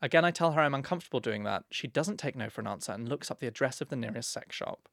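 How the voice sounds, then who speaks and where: A man's voice: medium pitch, expressive, quick pace, creaky, fairly bright tone, no room sound, studio quality. A young man co-hosting a podcast, reading listener letters in a camp, playful way. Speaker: podcast co-host.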